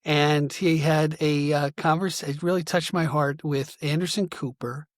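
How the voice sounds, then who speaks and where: A man hosting an interview, asking questions in a thoughtful, halting way and often restarting his sentences. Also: fairly high pitch, fairly even intonation, no room sound, clean studio sound. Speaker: interview host. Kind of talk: conversational interview.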